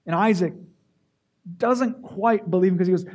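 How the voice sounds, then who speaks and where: A man's voice: high-pitched, normal speed, darkish tone. A man preaching a sermon, asking rhetorical questions and often repeating words as he restarts phrases. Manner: poses rhetorical questions to the congregation.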